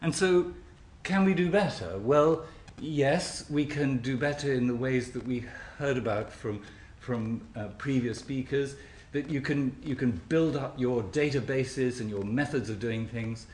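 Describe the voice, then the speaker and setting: A man's voice: medium pitch, unhurried, darkish tone, a little hiss or hum. Man lecturing in an echoey hall. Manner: stop-start delivery with many repeated words, dry wit. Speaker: scientist giving a symposium talk. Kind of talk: academic lecture.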